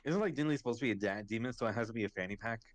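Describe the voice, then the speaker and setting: A man's voice: mid-range voice, rapid-fire, no room sound. A man playing in a tabletop game, tossing out jokey quips. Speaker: player.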